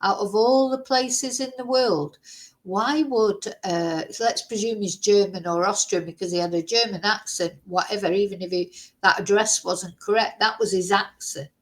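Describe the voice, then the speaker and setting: A woman's voice: medium pitch, normal speed, low-quality recording. A woman vlogger in casual chat, thinking aloud and musing through lots of rhetorical questions.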